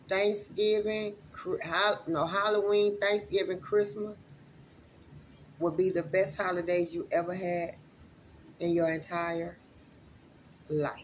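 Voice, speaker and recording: A woman's voice: mid-range voice, slight background noise. A woman gives a loose, heartfelt spiritual reading to her viewers in a mid-range voice. She is chatty and openly emotional, and she swears freely as she talks straight to her audience. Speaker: spiritual reader.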